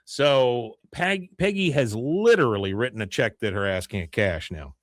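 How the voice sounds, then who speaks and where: Man with a lively, up-and-down voice. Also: mid-range voice, fairly quick, dry recording, studio quality. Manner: retells scenes, quoting characters in shifting voices. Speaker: podcast host. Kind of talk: casual episode recap.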